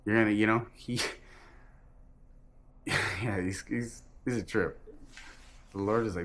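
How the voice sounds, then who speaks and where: A man telling a personal religious testimony in an earnest, halting way, often restarting and correcting himself. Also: on the low side, steady tone, fairly bright tone. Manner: earnest and emphatic.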